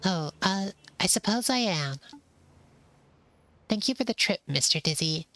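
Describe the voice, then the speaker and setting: A woman's voice: mid-range voice, lively intonation, unhurried, fairly bright tone, voice pushed up. A woman voicing a polite, well-read young mouse adventurer, reading game dialogue aloud in an earnest, informative way.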